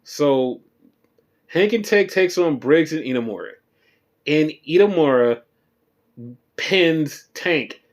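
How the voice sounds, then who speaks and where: A man hosting a podcast, recapping wrestling shows in a rambling, profane and animated way. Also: fairly high pitch, slow, pauses often. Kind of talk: casual chat.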